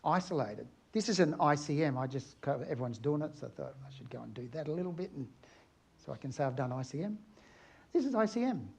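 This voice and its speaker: A man's voice: medium pitch, quick pace, vocal fry, husky. A middle-aged man from Australia, an aerial photographer giving a chatty, anecdotal conference talk and asking his audience questions.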